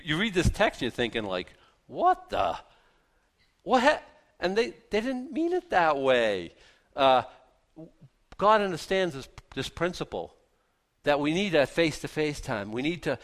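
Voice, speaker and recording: Zealous man preaching a sermon. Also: medium pitch. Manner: animated, zealous, with many restarts. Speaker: pastor.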